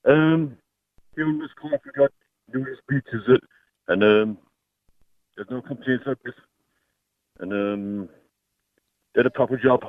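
A man calling a radio show, halting and hard to follow. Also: medium pitch, dry recording. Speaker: caller. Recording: bad phone line.

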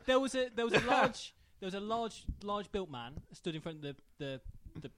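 A man with a high voice that rises and dips a lot as he talks. He tells his story in a rambling, self-deprecating way, stumbling over words and laughing along the way. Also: big pitch swings, brisk, background noise. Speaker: podcast co-host. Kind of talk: comic anecdote.

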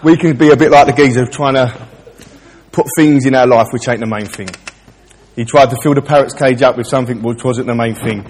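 Preacher in a reverberant church. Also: male voice, mid-range voice, brisk, a little mellow, slight background noise. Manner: chatty and direct, addresses listeners. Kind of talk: informal sermon with a joke.

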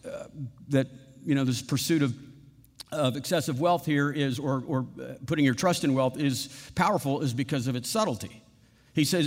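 Animated preacher in a reverberant hall. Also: male voice, mid-range voice. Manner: animated, acts out quotes with laughs. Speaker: pastor. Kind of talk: sermon.

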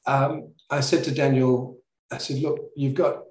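A man's voice: mid-range voice, level tone, a little slow, darkish tone. An Australian man chatting as a podcast guest, telling stories and often restarting his sentences. His voice sits in the middle range and carries a roomy echo. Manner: storytelling with frequent restarts. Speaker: podcast guest, comic art collector. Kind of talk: casual chat. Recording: echoey room.

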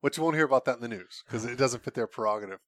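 Fast-talking, opinionated podcast host, mid-pitched male voice. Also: fairly bright tone, no room sound, studio quality. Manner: opinionated, brisk, laughs along. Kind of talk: casual podcast chat.

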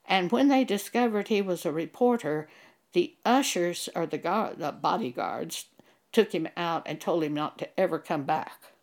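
Older lady preaching from the bible, earnest and emphatic, low-ish voice. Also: expressive, normal speed. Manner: earnest, emphatic, quotes scripture. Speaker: Bible teacher. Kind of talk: recorded Bible teaching.

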